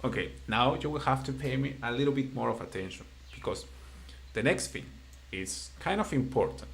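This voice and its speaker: Patient man teaching with a gravelly voice. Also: mid-range voice, animated, slight background noise. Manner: patient, encouraging, explains slowly in simple English. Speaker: Spanish teacher. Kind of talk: live-streamed online language lesson.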